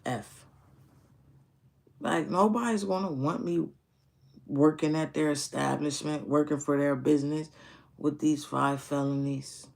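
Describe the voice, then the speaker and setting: Slow, gravelly-voiced man telling his story. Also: fairly high pitch. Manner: candid, profane, reflective, repeats phrases. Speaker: streamer. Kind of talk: casual personal storytelling.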